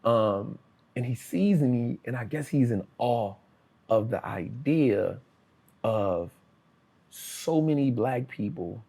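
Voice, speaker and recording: A man from New Orleans, USA, tells his life story as an interview guest, using casual street slang and acting out quotes in a lively retelling. His voice is medium in pitch, slow, creaky and husky.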